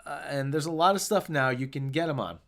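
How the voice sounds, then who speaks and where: A man's voice: on the high side, fairly quick, a bit bright. A man hosting a casual live stream, rambling and answering the chat.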